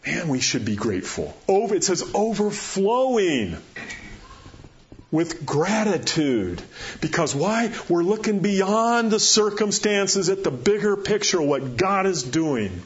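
A man preaching a sermon as pastor, animated, rising to excited questions and dropping to quiet appeals. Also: sits high, unhurried, dull audio.

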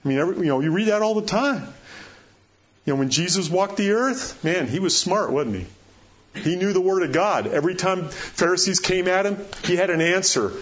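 A man preaching a sermon as pastor, animated, rising to excited questions and dropping to quiet appeals. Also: sits high, moderate pace, dull audio.

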